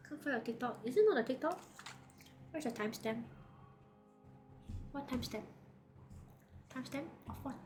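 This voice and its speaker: A woman's voice: sits high, animated, moderate pace, long pauses, darkish tone, faint music behind. A woman chatting casually as a streamer, giggly and chatty with loose grammar. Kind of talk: casual reaction chat.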